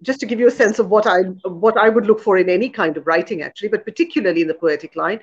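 A woman's voice: mid-range voice, rapid-fire, breathy edge. Thoughtful woman in a muffled recording. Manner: thoughtful, careful, searching for words with fillers. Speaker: poet and interviewer. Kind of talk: literary conversation.

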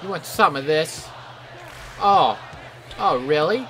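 A young man giving live gameplay commentary, joking and trash-talking, with loud outbursts at plays. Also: a little high, expressive, slow, pauses often, a faint crowd, a little hiss or hum. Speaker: gaming commentator.

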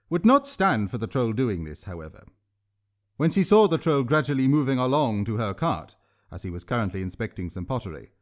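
A man narrating his own audiobook story in a steady storytelling manner. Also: mid-range voice. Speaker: author and narrator.

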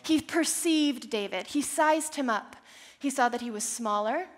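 A young woman preaching a sermon, telling a personal story with animated, self-deprecating humor. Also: high voice, a little slow. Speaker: church speaker.

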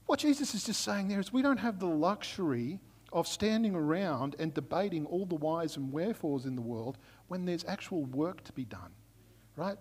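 A man's voice: fairly high pitch, animated, moderate pace, darkish tone, husky. A man preaching a sermon as pastor, in a conversational storytelling way with frequent "right?" check-ins. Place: church. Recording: long reverb of a church hall.

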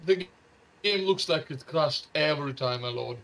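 A man chatting casually while playing a co-op game, excitable and often repeating words. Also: a little high, moderate pace, creaky. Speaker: gamer playing co-op.

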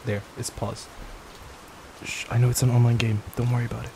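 A young man in a whispered role-play as a boyfriend, gentle, affectionate and reassuring, speaking into a desk microphone at home. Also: medium pitch, little pitch movement, a little fast, vocal fry, background noise. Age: young adult. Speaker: ASMR creator. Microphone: desk microphone at a gaming setup.

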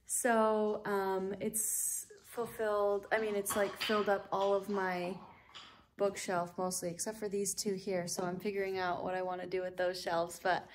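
A woman's voice: medium pitch, little pitch movement, measured pace, a little hiss or hum. A young woman chatting casually in a home vlog, giggly and full of fillers. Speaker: book vlogger. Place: home library room.

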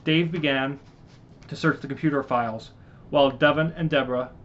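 A man reading his own science-fiction story aloud in a halting way, stopping to apologize and correct his slips. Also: mid-range voice, fairly even intonation, fairly bright tone. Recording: muffled lo-fi recording.

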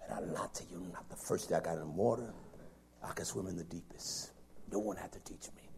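A man preaching a sermon, swinging from loud emphatic lines down to soft whispers. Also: deep voice, normal speed, vocal fry, long pauses, a little hiss or hum.

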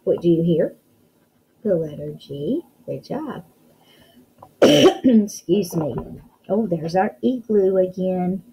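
Woman teacher, unhurried delivery, encouraging phonics lesson for young kids, sounds out letters. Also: lowish voice, expressive, dark tone, a little hiss or hum, poor audio.

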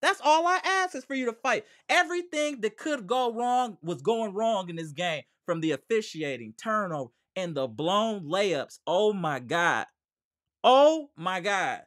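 Guy hosting a live hoops fan stream, bright voice, ranting and slangy, swings loud and low. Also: very animated, measured pace. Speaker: sports podcast host.

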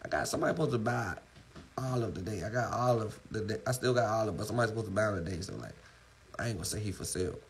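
A man's voice: lowish voice, very fast, background noise. A man on a live phone stream, talking loosely with lots of profanity while his dogs are around. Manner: loose, profane street talk. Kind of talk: casual live-stream talk.

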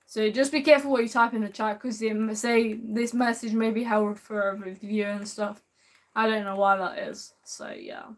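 A woman live-streaming a game, chatting warmly and excitably with her viewers and drawling a repeated sing-song catchphrase. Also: mid-range voice, normal speed. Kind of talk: live gameplay commentary.

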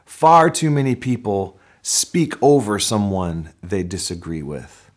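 A male pastor preaching a sermon in a lively, conversational way, his voice climbing on the points he stresses. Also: slow pace. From North America. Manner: animated preaching, pitch rising on emphasis.

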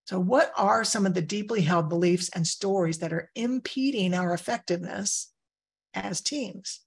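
A woman's voice: medium pitch, moderate pace, husky. A woman trainer giving a conversational training presentation on crisis care, telling personal anecdotes along the way.

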